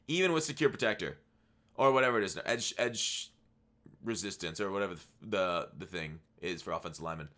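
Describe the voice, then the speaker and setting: A man's voice: medium pitch, bright, forceful tone. A tired man giving casual, rambling commentary on a video game, with frequent restarts and asides. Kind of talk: casual commentary over gameplay.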